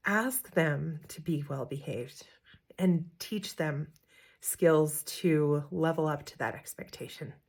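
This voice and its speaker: A middle-aged woman, a parenting coach, telling a lively family story to camera, laughing often and acting out what her kids said. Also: sits low, slow, slightly rough. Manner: animated, laughs often, acts out quotes.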